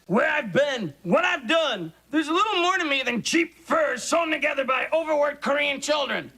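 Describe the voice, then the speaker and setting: A man's voice: very high voice, animated, moderate pace, exaggerated voice, low-quality recording. An actor voicing a sarcastic male stuffed toy bunny in a sitcom, with snide, theatrical wisecracks. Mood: scornful. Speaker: sitcom character. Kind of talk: sitcom acting. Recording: sitcom audio with loud studio laughter. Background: audience laughter.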